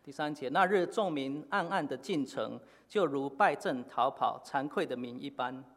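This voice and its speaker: A man's voice: medium pitch, fairly bright tone. Man preaching in a reverberant hall. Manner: halting, many filler pauses. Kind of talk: sermon in Chinese with live interpretation.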